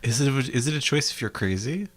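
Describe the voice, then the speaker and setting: A man's voice: mid-range voice, expressive, quick pace. A man co-hosting a podcast in casual chat, joking and laughing a lot. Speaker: podcast co-host.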